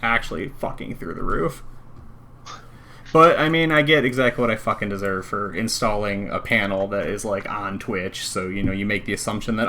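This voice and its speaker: A man's voice: fairly low pitch, brisk, a bit bright. A man in casual chat on a voice call, ranting and swearing in exasperation. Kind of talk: casual pre-show chat.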